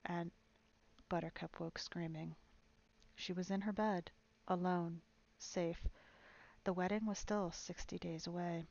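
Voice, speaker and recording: A woman's voice: lowish voice, little pitch movement, unhurried, darkish tone, dull audio. A woman narrating a novel aloud in a live stream reading. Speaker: storyteller.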